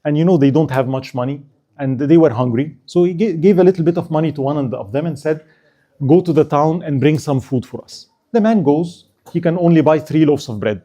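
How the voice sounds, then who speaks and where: A man gives a loose, chatty history lecture, his voice pitched a little high yet mellow and warm. He keeps checking in with his listeners with a quick "right?" and jokes along the way. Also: animated. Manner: keeps asking the audience "right?", joking and laughing. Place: Islamic center.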